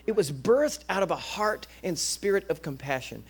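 A man preaching a sermon as a guest preacher, energetic and conversational, often repeating words as he restarts. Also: high voice, moderate pace, husky, soft background music.

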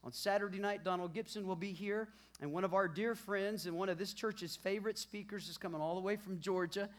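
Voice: mid-range voice, fairly even intonation, brisk. A pastor giving church announcements and a sermon, preaching emphatically and repeating lines with building force.

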